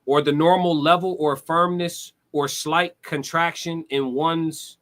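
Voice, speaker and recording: A young man talks loosely and thoughtfully to his live chat. His voice sits a touch higher than most men's, and he drops casual curse words as he goes. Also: fairly even intonation, measured pace, a bit bright. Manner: conversational, reflective, swears casually. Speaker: livestream host. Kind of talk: casual live-stream monologue.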